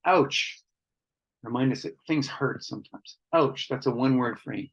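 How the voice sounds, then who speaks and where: A man's voice: mid-range voice, fairly even intonation, fairly quick, husky, lo-fi sound. A man facilitating an online workshop, reading out participants' comments and reflecting on them in an earnest, conversational way, with frequent restarts.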